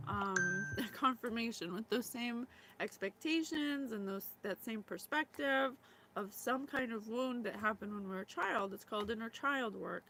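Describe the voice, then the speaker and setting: A woman's voice: on the high side, sharp tone, a little hiss or hum, low-quality recording. A woman in her thirties, from the former Yugoslavia, hosting a psychic reading in a casual, emotional way with many fillers. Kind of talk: casual spiritual reading talk.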